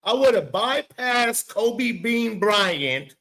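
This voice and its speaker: A man hosting a casual live stream, animated, swearing and talking back to his chat. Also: fairly high pitch, slow pace, pauses often. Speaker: show host.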